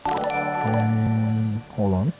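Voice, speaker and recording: A man's voice: on the low side, completely flat delivery, extremely slow, mellow, soft background music. A man from Japan livestreaming outdoors in the mountains, rambling casually with slang and swearing. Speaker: streamer.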